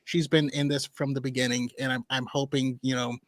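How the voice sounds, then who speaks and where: A man's voice: medium pitch, level tone, brisk, dry recording. A man co-hosting a podcast in casual chat, hesitant with many restarts before making his point. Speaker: podcast co-host.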